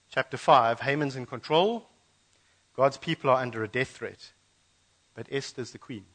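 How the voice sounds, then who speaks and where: A man preaching in a church, telling a Bible story with lively storytelling energy. His voice sits in a middle register, and he slips in and out of the characters as he goes. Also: medium pitch, low-quality recording. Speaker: pastor. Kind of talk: sermon.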